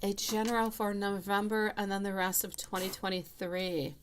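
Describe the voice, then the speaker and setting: A woman's voice: medium pitch, flat delivery, normal speed, heavy background noise. A woman giving a live tarot reading, chatty and affectionate, calling viewers sweetie and love between giggles. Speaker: tarot reader.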